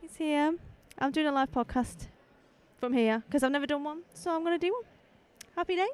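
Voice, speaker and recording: Chatty high-voiced woman podcast host. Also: a little fast. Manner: chatty, rambling, friendly asides. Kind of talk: casual live walkabout podcast. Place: outdoor festival stalls. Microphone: handheld microphone.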